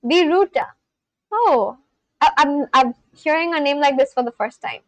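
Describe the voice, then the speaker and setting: Chatty high-voiced woman streamer. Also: normal speed, no room sound. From India. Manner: chatty, reads and answers chat aloud, laughs often. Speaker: livestream host. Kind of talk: casual livestream chat.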